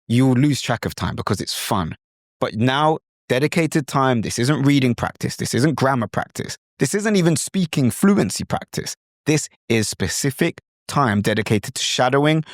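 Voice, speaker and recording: A British man with a mid-range voice hosts a podcast as a language coach, recorded dry with clean studio sound. His instructional talk is enthusiastic, and he often slips into imitations of other accents.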